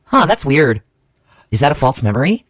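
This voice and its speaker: A man's voice: medium pitch, big pitch swings, normal speed, a bit bright, dry recording, clean studio sound. A man in his forties from Connecticut, co-hosting a casual chat while reacting to a video, playful and musing aloud. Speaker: podcast co-host.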